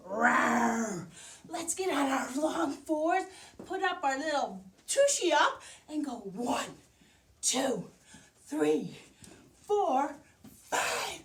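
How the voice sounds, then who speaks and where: A woman teaching a preschool class by video, cheerfully leading exercises and counting aloud with the children. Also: high-pitched. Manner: cheerful sing-song, counting aloud with kids. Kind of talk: animated online lesson for small children.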